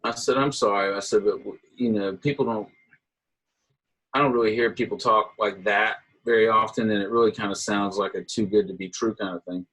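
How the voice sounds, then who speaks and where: Guest: middle-aged man, husky voice, lively storyteller who acts out the people he quotes. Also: on the low side, brisk, rough recording. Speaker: interview guest, guitarist. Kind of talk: casual storytelling.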